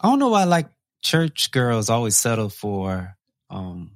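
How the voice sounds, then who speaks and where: A man hosting a conversational interview, chatty, steering with quick questions and biblical references. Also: fairly low pitch, big pitch swings, no room sound, clean studio sound. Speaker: interviewer host.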